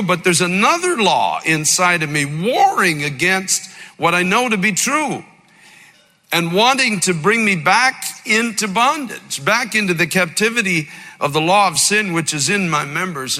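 A man preaching a sermon, impassioned, slowing and rising as he quotes scripture. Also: sits high, lively intonation, sharp tone. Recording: long hall reverb.

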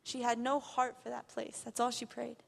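A woman's voice: on the high side, completely flat delivery, normal speed, vocal fry, in a large hall. A young woman giving an earnest missionary testimony in church, growing impassioned as she retells a story. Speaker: missionary speaker. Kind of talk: testimony sermon. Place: church hall.

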